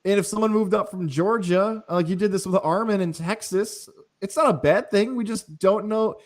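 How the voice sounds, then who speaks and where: A man's voice: sits high, moderate pace. A male podcast co-host talking sports in a chatty, upbeat way. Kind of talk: casual sports chat with ad reads.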